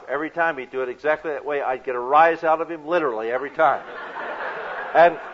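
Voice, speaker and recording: A man's voice: fairly high pitch, a bit bright. A man giving an earnest, emphatic lecture on counseling, with illustrative examples. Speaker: counseling teacher. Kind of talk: recorded lecture. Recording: dull lo-fi lecture recording.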